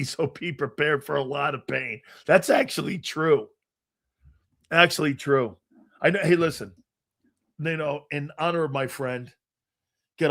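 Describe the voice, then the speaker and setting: A middle-aged man hosting a sports talk show, telling a profane, animated story and acting out the other voices. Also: medium pitch. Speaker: sports talk radio host.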